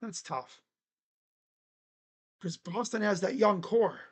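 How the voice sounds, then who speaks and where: A sports channel host chatting casually on a live stream, making predictions in a jokey, rambling way with sudden shouted bits. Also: medium pitch, expressive, slow pace, husky. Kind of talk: casual live-stream commentary on baseball free agents.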